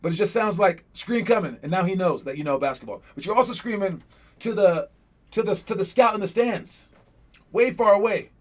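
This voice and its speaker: A young man with a voice that sits high coaches basketball players through a lesson, talking a little fast. He's animated and often acts out the calls players shout on court.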